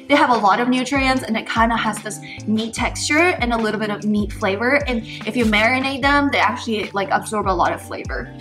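A young woman chatting enthusiastically in a casual cooking and grocery vlog, repeating words for emphasis. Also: fairly high pitch. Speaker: vlogger. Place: home kitchen. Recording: music playing behind.

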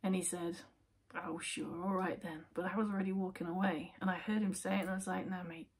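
A woman giving a casual, chatty tarot reading, with many fillers and soft, near-whispered asides. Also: lowish voice, little pitch movement, brisk, husky. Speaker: tarot reader.

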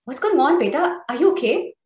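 A woman's voice: mid-range voice, animated, brisk, warm tone, natural voice. A woman voicing a panicked, loving mother pleading on the phone. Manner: pleading, anxious. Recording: roomy echo.

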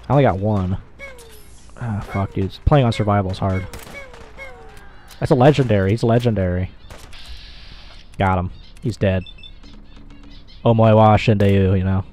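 Excitable, foul-mouthed young male gamer. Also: lowish voice, measured pace, pauses often. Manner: excitable, swears a lot, frequent loud outbursts. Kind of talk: let's play commentary.

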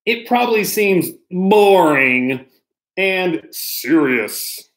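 A pastor reads a children's picture book aloud to kids on a livestream in a high, animated voice with drawn-out words. He's playful and talks directly to the children, letting out mock-outraged squeals.

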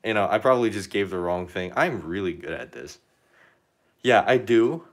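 A man's voice: lowish voice, lively intonation, normal speed. Rambling young man chatting while painting. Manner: rambling, joking, lots of fillers. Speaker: art livestreamer. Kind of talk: casual livestream chat while painting.

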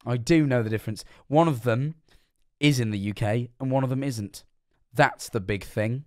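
A man's voice: mid-range voice, normal speed, darkish tone, dry recording, studio quality. A young man streaming, reacting to a video and rambling through explanations of his own jokes with plenty of swearing. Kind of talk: live-stream reaction commentary.

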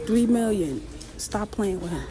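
A woman's voice: mid-range voice, a little slow. A woman filming a casual vlog as she walks through a museum exhibit, talking to herself in amazed, emotional asides. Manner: excited, emotional, talks under her breath to herself. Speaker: vlogger touring an exhibit. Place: indoor museum exhibit among crowds.

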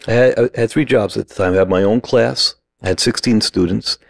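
A man's voice: mid-range voice, brisk, vocal fry. A middle-aged man, an acting teacher, telling a story in short punchy sentences and acting out the other people's lines. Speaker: acting teacher, podcast guest. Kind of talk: animated storytelling.

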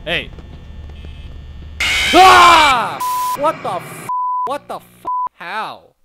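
A man's voice: high-pitched, very animated, takes it slowly, heavy background noise. Man screaming through gameplay commentary. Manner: jokey, screams and swears in panic. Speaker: gaming youtuber. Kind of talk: casual gaming commentary. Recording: music playing behind.

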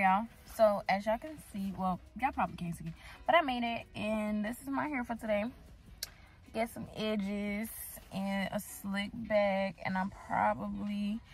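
A young woman vlogging casually as a student, chatty and expressive, with lots of slang and fillers. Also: mid-range voice, low-quality recording. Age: young adult. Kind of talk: casual vlog chat.

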